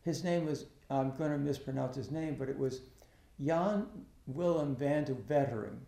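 A middle-aged man, an academic who practices Zen, telling a reflective story in a halting way, with many restarts and fillers. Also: mid-range voice, gravelly, dark tone, reverberant.

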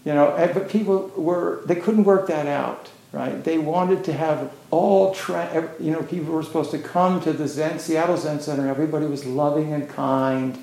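Gravelly man giving a rambling dharma talk. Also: on the high side, steady tone, normal speed, hardly any pauses, mellow. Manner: casual, rambling, many "you know" fillers. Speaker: Zen teacher. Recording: roomy echo.

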